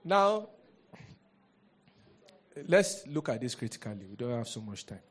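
A man preaching a sermon as a pastor, lively and rhetorical, often asking the congregation questions. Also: medium pitch, measured pace, breathy edge.

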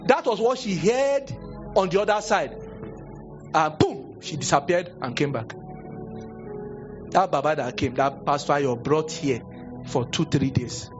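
Young Nigerian pastor, sermon, high voice swinging wide, dull lo-fi capture. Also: male voice, unhurried, long pauses, over music. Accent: Nigerian, Yoruba-speaking. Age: young adult. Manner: animated storytelling, acting out voices, sudden high exclamations.

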